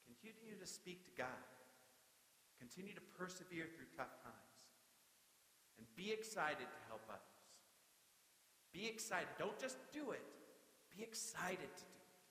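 A young man preaching a sermon as pastor, in a lively, conversational way with playful asides. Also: sits high, measured pace, pauses often, a little hiss or hum. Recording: echoey hall with long reverb.

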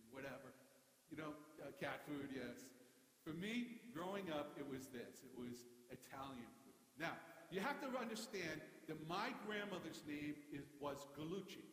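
A man's voice: on the high side, fairly bright tone. Man preaching a storytelling sermon in an echoey hall. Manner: storytelling, humorous and conversational. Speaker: pastor.

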